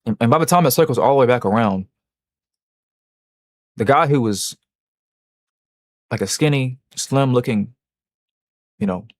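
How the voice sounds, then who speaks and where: A man's voice: mid-range voice, no room sound, studio quality. Rambling, joking male livestreamer. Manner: rambling, joking and self-mocking, many restarts. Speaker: livestream host. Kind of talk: casual livestream chat, reading and answering chat.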